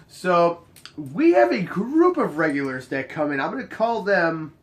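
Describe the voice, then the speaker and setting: A young man casually telling a bartending story, acting out each exchange with sudden jumps up in his voice. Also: unhurried. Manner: animated, acts out the dialogue, jumps high in pitch when quoting others.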